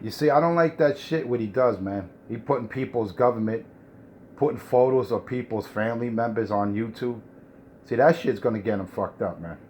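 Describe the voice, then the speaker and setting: A man's voice: medium pitch, moderate pace, darkish tone, a little hiss or hum. A man on a CB radio mocking and lecturing another operator, repeating "man" as he talks. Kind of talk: trash-talking radio banter.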